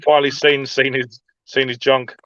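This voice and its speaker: A man's voice: mid-range voice, flat delivery, normal speed, fairly bright tone, dull audio. A man making wry jokes in casual banter on a stream, often stumbling over his words.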